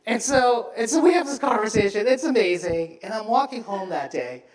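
A man preaching a sermon as pastor, telling the story with animated acted-out voices and frequent asides to the congregation. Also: high voice, fairly quick, roomy sound.

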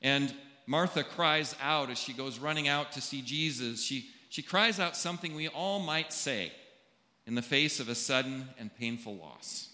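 A male pastor preaching a funeral sermon, unhurried and measured, leaving long pauses between phrases. His voice is bright and forward. It rings out through an echoey church hall with a long reverb tail. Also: mid-range voice, expressive. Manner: slow, deliberate delivery with long pauses.

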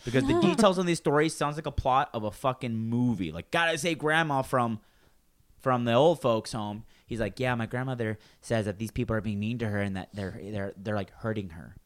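Chatting casually, a man tells a lengthy story from work in a brisk, mid-range voice. He narrates with animation, curses freely, and keeps acting out quotes from his coworkers.

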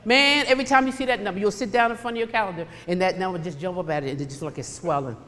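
A woman's voice: mid-range voice, rapid-fire. Emphatic woman preaching in a reverberant hall. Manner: emphatic and animated, swinging between loud and hushed. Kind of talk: sermon.

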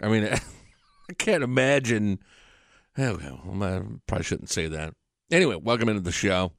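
A man's voice: on the low side, moderate pace, vocal fry, dry recording, studio quality. Blunt, profane male podcast host. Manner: blunt, profane, rambling with restarts. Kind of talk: casual chat.

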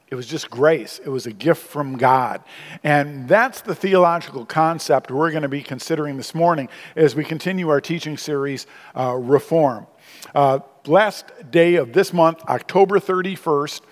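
A man's voice: on the high side, big-room sound. A man preaching a sermon as pastor, conversational and emphatic, with asides to the congregation. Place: church sanctuary.

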